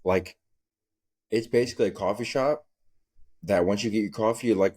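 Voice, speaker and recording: A young adult man hosting a solo comedy podcast, talking loosely and profanely and acting out scenes in squeaky voices. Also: normal speed, long pauses, a little mellow, slightly rough. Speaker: podcast host.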